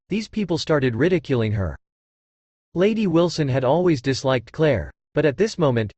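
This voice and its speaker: A man narrating a novel as an audiobook in a dramatic, expressive reading style. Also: fairly high pitch, dry recording.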